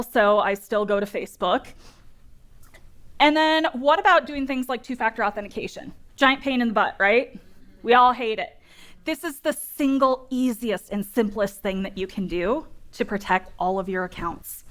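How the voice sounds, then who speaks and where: A woman's voice: fairly high pitch, fairly bright tone. A woman in her thirties giving a humorous, direct conference talk to an audience in a meeting room. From Northern California. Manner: humorous, self-deprecating, direct. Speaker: keynote speaker on dental data security.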